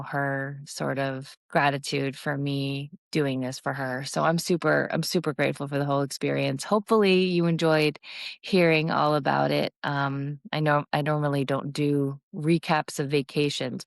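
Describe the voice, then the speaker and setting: A woman's voice: deep voice, creaky, no echo. A middle-aged woman hosting her own podcast, talking candidly in a rambling, casual way and swearing freely. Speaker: podcast host. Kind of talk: casual solo podcast monologue.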